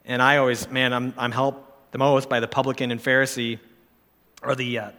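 A man's voice: medium pitch, level tone, moderate pace, sharp tone. A man preaching a sermon in an earnest, pleading, conversational way, correcting himself as he goes. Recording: long hall reverb.

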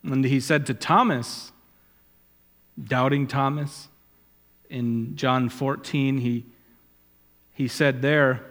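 Slow-speaking preacher in a reverberant hall. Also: male voice, fairly even intonation, fairly bright tone. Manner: rises in pitch and volume when quoting Scripture, drops low on asides. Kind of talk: sermon.

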